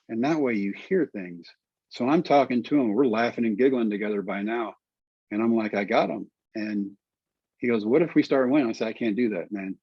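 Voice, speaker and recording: Husky man telling a story with energy. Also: mid-range voice, no room sound. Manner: animated storyteller acting out dialogue. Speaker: guest storyteller. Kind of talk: storytelling in conversation. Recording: dull dry recording.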